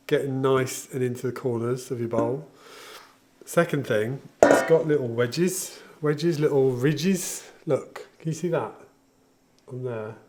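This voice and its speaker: A man with a mid-pitched voice talks through his baking tools in a home kitchen. He is chatty and jokey, and he demonstrates each item with easy enthusiasm. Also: darkish tone, slight background noise. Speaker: home baker showing equipment. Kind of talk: casual product demonstration.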